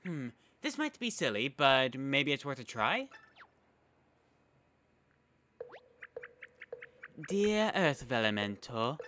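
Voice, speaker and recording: A man's voice: medium pitch, pushed and bright, a little hiss or hum. A man voicing a cheerful, curious young paper girl with a put-on European accent, eager and chatty. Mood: hopeful. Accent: European-tinged, put on. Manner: eager, wide-eyed and chatty. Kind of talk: reading game dialogue aloud.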